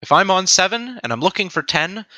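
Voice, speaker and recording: A young man teaching a programming tutorial on a livestream, animated and self-mocking as he talks to his chat. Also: high-pitched, fairly quick, dry recording. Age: young adult. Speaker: teaching assistant.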